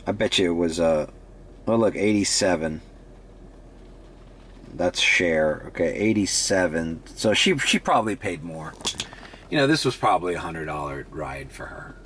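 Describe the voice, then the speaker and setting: A man's voice: deep voice, slight background noise. A man chatting offhandedly to his camera about ride prices, swearing casually as he wraps up his day. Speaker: rideshare driver vlogger. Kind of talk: casual vlog chat to camera.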